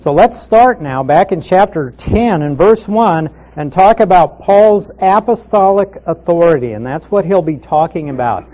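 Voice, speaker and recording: Pastor, male, Bible-class teacher; somewhat high voice, emphatic, muffled lo-fi audio. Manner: emphatic, repeats key words, reads scripture aloud. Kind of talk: Bible study lecture. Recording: muffled lo-fi recording.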